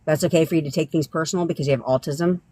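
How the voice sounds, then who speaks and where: A woman's voice: low voice, steady tone, very fast, warm tone, slightly rough, dry recording. A woman from Southern California, a manifestation coach, ranting bluntly and profanely on a live stream, laughing often.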